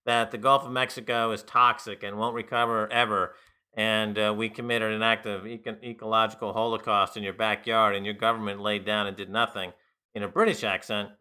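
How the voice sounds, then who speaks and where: A man's voice: lowish voice, level tone, fairly quick, pushed and bright, clear, resonant tone. Sardonic man co-hosting talk radio. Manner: wry, sardonic, mocks with put-on voices. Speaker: radio show co-host. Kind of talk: casual talk radio commentary. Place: radio studio.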